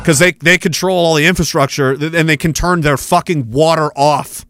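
A man's voice: fairly high pitch, steady tone, normal speed, a bit bright, slight background noise. A man hosting a podcast, ranting sarcastically and with heavy profanity while commenting on news clips. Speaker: podcast host.

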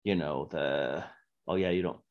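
A man's voice: rumbling low, measured pace, muffled recording. A man guest on a podcast talks about game design in a casual chat, rambling with lots of fillers. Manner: rambling, full of fillers and likes.

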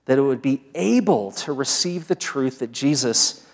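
A man preaching a sermon, opening with a prayer, talking in a measured, earnest way that builds each point in short phrases. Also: mid-range voice, animated, vocal fry. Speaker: pastor. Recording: long reverb of a large hall.

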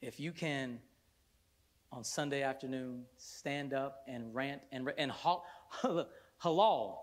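A worship pastor preaching a sermon to a congregation in a church, fervent, swinging between loud bursts and hushed stretches, with playful joking asides. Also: male voice, medium pitch, slow pace. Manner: playful storytelling asides with laughter. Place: church sanctuary before a congregation.

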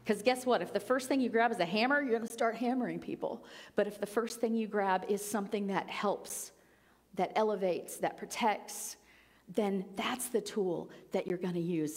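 A woman's voice: mid-range voice, moderate pace, long reverb tail. A woman giving an earnest, conversational spiritual talk with playful asides. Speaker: spiritual teacher. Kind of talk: sermon-style talk.

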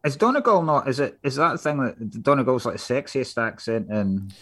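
A man's voice: medium pitch, lively intonation, brisk, a bit bright, breathy edge. A man, a podcast guest in casual chat, jokey and opinionated with plenty of swearing.

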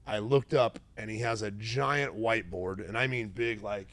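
A man's voice: on the low side, moderate pace, dry recording. A middle-aged man, a retired fighter hosting a casual interview, telling stories with animation and acting out what people said. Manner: animated storyteller, acts out quoted voices.

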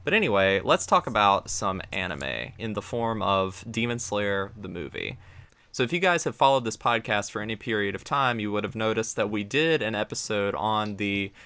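A man hosting a podcast in a relaxed, chatty way. His voice is lower than most, with a forceful, bright edge. It is crisp and recorded dry and close. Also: normal speed, no echo. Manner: upbeat, chatty, plugs the show. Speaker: podcast co-host. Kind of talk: casual podcast chat.

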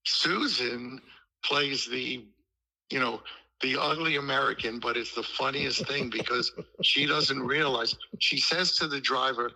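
An older man, a musician guest in an interview, telling animated anecdotes and acting out the voices he quotes. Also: mid-range voice, a little slow, vocal fry, husky, poor audio. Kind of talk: casual storytelling interview.

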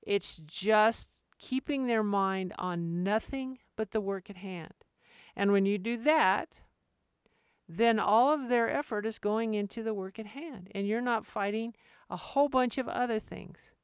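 A woman hosting a podcast on training retriever dogs, talking in a direct, practical way and acting out quick asides. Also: medium pitch, smooth, no room sound, clean studio sound. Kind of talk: casual instructional podcast talk.

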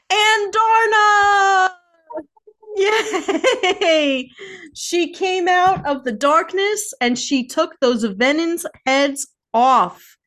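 A cheerful woman co-hosting a podcast, with a somewhat high voice. She speaks very slowly and laughs easily between lines. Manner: giggly, cheerful award announcing. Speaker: podcast co-host. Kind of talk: casual chat.

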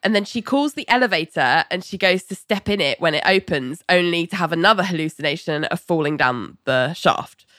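A woman's voice: lowish voice, animated, a little fast, a bit bright, no room sound, clean studio sound. A woman co-hosting a podcast, chattily recapping a TV episode with a lot of "like" and some giggling. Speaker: podcast co-host.

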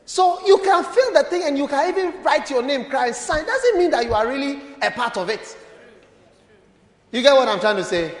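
A man preaching a lively sermon as a bishop, playful and calling on the congregation to answer. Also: extremely high pitch, normal speed. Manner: animated, playful, calls on the congregation. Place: church hall. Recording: echoey church hall.

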